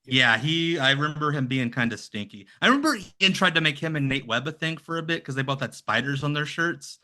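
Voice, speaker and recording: A man's voice: on the high side, fairly quick. A man in his thirties, a podcast guest telling stories casually and animatedly, with a lot of "like" in his speech. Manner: animated, heavy use of "like". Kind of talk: casual storytelling.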